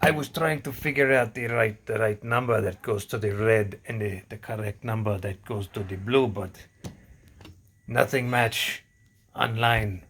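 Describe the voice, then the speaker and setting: A man demonstrating a home repair in casual, halting broken English, restarting and repeating himself often. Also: lowish voice, fairly bright tone, a little hiss or hum.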